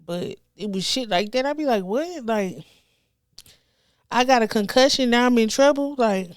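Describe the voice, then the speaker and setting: A woman, telling wild stories as a comedian guest, animated and profane, acting out the people she quotes. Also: fairly high pitch, moderate pace, no echo, clean studio sound. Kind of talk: casual storytelling chat.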